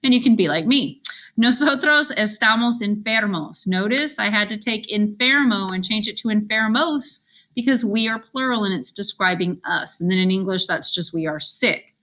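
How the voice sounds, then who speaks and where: A woman's voice: medium pitch, lively intonation, normal speed, pushed and bright. A woman teacher explaining a Spanish class assignment step by step in a chatty, casual screen-recorded walkthrough. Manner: chatty, repeats directions step by step.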